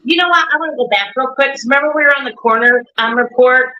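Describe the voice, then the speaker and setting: A woman's voice: high-pitched, fast talker, bright, forceful tone. A woman, a mother, talking in a rambling casual chat, often quoting her son and herself. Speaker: grieving mother and guest. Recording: dull lo-fi stream audio.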